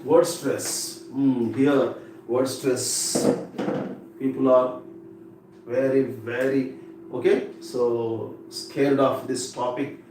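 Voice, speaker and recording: A man's voice: mid-range voice, level tone, extremely slow. A man teaching an exam-prep English lesson, who repeats key words and drills pronunciation aloud. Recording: echoey room from far off with faint noise.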